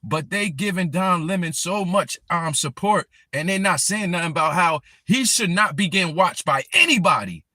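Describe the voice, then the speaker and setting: A man with a high, bright voice rants angrily on a live stream, addressing the person he's criticizing directly. His intonation is lively and his tone forceful, moving at a moderate pace with hardly any pauses; the studio-quality recording has no echo.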